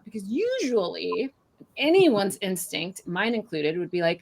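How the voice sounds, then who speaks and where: A woman's voice: mid-range voice, very animated, a little slow, creaky. A woman guest on a podcast, explaining her ideas at length with everyday examples. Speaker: guest author. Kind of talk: podcast conversation.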